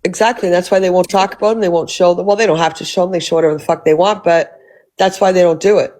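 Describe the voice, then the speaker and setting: A woman's voice: on the low side, steady tone, fast, a little mellow. A woman hosting a live stream, ranting with profanity and disbelief. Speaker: livestream host. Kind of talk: heated live-stream commentary.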